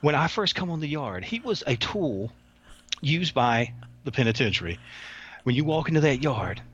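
A man's voice: medium pitch, big pitch swings, normal speed, fairly bright tone, breathy edge. A man, a former prison officer, telling stories as an interview guest in a rambling way, repeating words, on a dull lo-fi recording. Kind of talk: casual interview storytelling. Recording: dull lo-fi sound.

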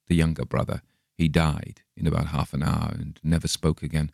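Deep gravelly male audiobook narrator. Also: darkish tone, no echo, clean studio sound. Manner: measured, dramatic storytelling. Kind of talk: scripted narration of a classic story.

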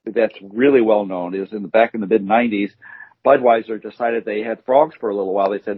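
A man's voice: fairly low pitch, steady tone, a little fast, breathy edge, no room sound. A man co-hosting a podcast, talking in a rambling, hesitant way with many fillers. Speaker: podcast co-host. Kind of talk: casual banter. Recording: tinny phone-like sound.

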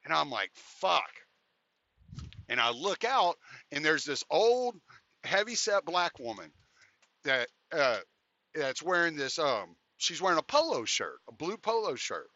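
A man, a podcast guest, telling stories in a casual, profane, animated way, recorded lo-fi. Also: on the high side, measured pace, dry recording. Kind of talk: casual storytelling.

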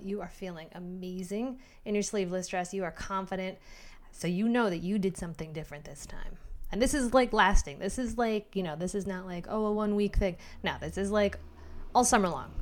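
In a fairly low-pitched voice, a woman runs a podcast segment of animated encouragement, coaching the listener one-on-one as if speaking straight to them.

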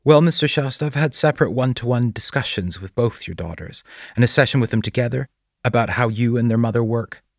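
A man doing a flat, stone-faced counselor. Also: mid-range voice, brisk, gravelly, no echo, studio quality, voice pushed up, natural voice. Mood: flat formal. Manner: flat, formal, unsettlingly calm. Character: stiff, expressionless male school counselor.

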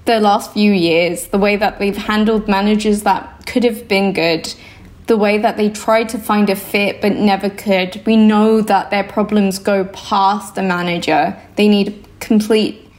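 A woman's voice: medium pitch, fairly even intonation, unhurried, darkish tone. A young woman, a football analyst guest, talking casually in an interview, thoughtful and hesitant with frequent ums. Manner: thoughtful, many ums, laughs easily.

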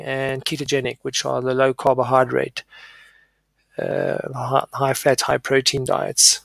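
A middle-aged man, a neurologist, explaining in a measured monologue, with frequent fillers and self-corrections. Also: mid-range voice, vocal fry, fairly bright tone, no echo.

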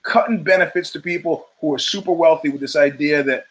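Host, middle-aged man, slightly high voice; rambling profane storyteller who acts out his quotes. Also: fairly quick, a bit bright, rough recording. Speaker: show host. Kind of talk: casual monologue.

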